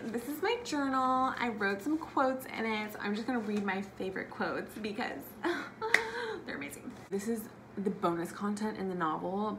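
A tipsy young woman giving a casual book review on her channel, gushing and excitable, with plenty of "like" as filler. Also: on the low side, noisy background. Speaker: book vlogger.

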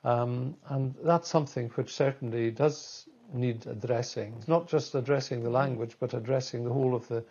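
A man guest answering interview questions in a thoughtful, measured way. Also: medium pitch, fairly even intonation, mellow, slightly rough, muffled recording.

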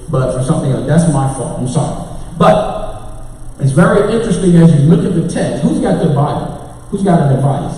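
A man's voice: fairly high pitch, dark tone. A man with a Texan accent preaching a sermon as pastor, calling out to his congregation and tech crew. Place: church sanctuary. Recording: echoey church hall, mic far off.

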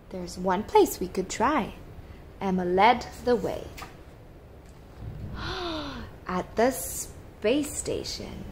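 A woman teacher reads a picture book aloud to young children in a gentle, expressive way. She takes her time over every line, with a faint hiss under her voice. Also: medium pitch.

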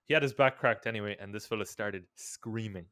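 Man, bright clear voice, dry close recording, halting podcast chat. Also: fairly low pitch, dry recording. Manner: hesitant, many ums and restarts, laughs while telling. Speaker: podcast co-host, strength coach.

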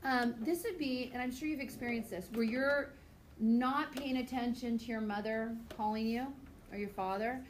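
A fairly high-pitched woman lectures a biology class in a lively, chatty way. She acts out voices in her stories and laughs often. The screencast recording carries a faint hiss of background noise. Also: normal speed, roomy sound. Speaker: biology teacher. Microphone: tablet screencast mic.

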